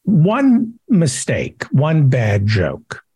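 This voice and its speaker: Brief: male interviewer, dark husky voice, slow measured questions. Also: a little high, huge pitch swings, no room sound.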